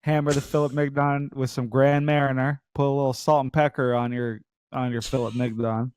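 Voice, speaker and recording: A man's voice: mid-range voice, level tone, brisk, a little mellow, smooth, dry recording. A man co-hosting a casual gaming podcast, telling stories with a lot of swearing and mocking voices, sounding sick. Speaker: podcast co-host.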